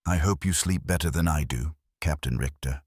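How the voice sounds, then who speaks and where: A man's voice: rumbling low, moderate pace, breathy edge, no room sound, clean studio sound. A man voicing a gaunt young woman refugee who speaks in a bitter, sardonic way.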